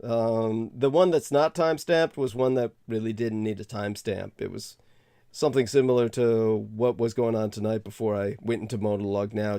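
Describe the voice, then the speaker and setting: A man's voice: fairly low pitch, warm tone, dry recording, clean studio sound. A man hosting a talk show, delivering a rambling monologue and laughing off interruptions. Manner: long-winded, laughs off interruptions. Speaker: podcast host.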